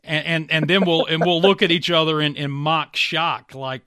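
Bright, dry-voiced chatty man in his fifties. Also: on the high side, fairly even intonation, moderate pace, no room sound. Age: 50s. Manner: folksy, chatty, self-deprecating humor. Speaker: host and baseball broadcaster. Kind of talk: casual interview chat.

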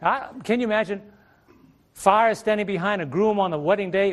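A man's voice: sits high, normal speed. A middle-aged male preacher teaching a Bible study sermon on a ministry stage, asking rhetorical questions and repeating his phrases.

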